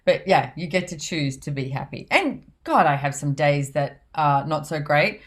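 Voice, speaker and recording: A low-pitched woman talks in a loose, chatty way on a podcast. She laughs easily and slips into quoting other people as she tells stories. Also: lively intonation, normal speed. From Australia. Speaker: podcast host and author. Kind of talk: casual podcast chat.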